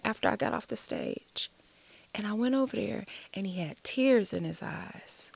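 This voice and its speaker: Black woman poet talking on a chat show, uplifting and sing-song, pitch all over, bit of fry. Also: moderate pace. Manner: animated, uplifting, preacher-like cadence. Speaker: guest, spoken word poet. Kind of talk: casual interview talk.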